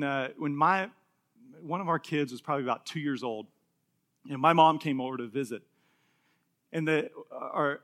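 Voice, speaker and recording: Male pastor, thirties, bright and high-pitched, animated preaching that acts out quotes. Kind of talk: sermon.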